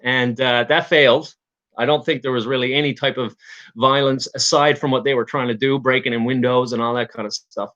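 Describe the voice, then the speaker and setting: A livestream host from Newfoundland, Canada, speaks with a Newfoundland accent in a medium-pitched, fairly bright voice that's fairly even and a little fast. He rambles casually, restarting often, using lots of fillers, and talking to his chat. The audio sounds dull.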